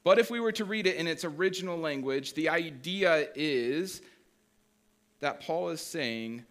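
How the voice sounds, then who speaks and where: Pastor, male, fairly high bright voice, chatty sermon delivery, reads scripture aloud. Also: expressive, a little slow. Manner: conversational, asks the congregation questions.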